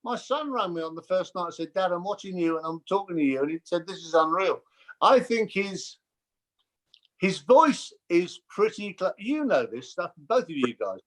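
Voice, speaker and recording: An older man chatting as a guest, telling lively stories and mimicking voices. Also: sits high, moderate pace. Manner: animated storyteller, mimics voices. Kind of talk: casual chat.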